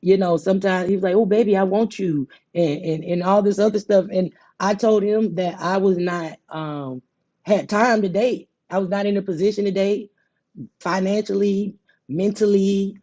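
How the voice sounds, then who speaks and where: A woman's voice: medium pitch, steady tone, moderate pace, dark tone. Woman, casual chat co-host, candid, laughing, stammering, muffled recording. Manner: candid, laughs often, stammers into her points. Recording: dull lo-fi audio.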